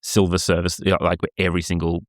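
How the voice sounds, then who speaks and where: A man's voice: deep voice, monotone, racing, no echo, studio quality. A middle-aged Australian man co-hosting a podcast, telling stories in an easygoing, self-mocking way. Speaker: podcast co-host. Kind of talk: casual chat.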